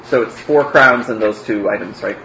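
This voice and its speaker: A man's voice: lowish voice, normal speed, bright, forceful tone, a little hiss or hum. A man running a tabletop game as game master, narrating with hesitant fillers and voicing a haggling shopkeeper. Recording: roomy, dull home recording.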